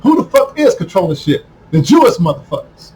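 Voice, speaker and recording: A man delivering a heated, profane monologue to camera, repeating himself and breaking into shouts. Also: high voice, sing-song, brisk, slight background noise, low-quality recording. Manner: heated, repetitive, swears constantly, bursts into shouting. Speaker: video commentator.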